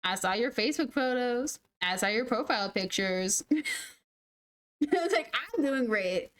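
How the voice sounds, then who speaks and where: A woman in her twenties who streams games chats casually, telling rambling, self-deprecating stories and mimicking other people in quotes. Her voice is fairly high and animated, a little slow, with a fairly bright tone.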